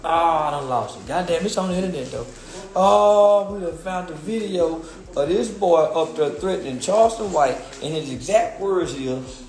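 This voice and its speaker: A man creating content, ranting in a loud, repetitive and profane way in a hyped livestream style. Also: fairly high pitch, normal speed, roomy sound, low-quality recording.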